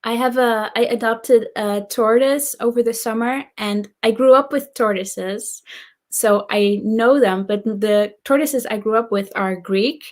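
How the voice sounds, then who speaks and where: A woman's voice: fairly high pitch, unhurried. A woman chatting casually on a live stream, telling anecdotes with hesitations. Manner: storytelling, hesitant with fillers. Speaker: booktuber co-host.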